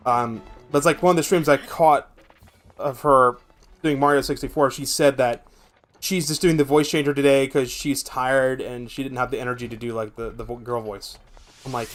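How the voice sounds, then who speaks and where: A young man with a gravelly voice, streaming a game from home and chatting in a rambling, profane way. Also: medium pitch, fairly even intonation, moderate pace, soft background music. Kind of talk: casual gameplay chat.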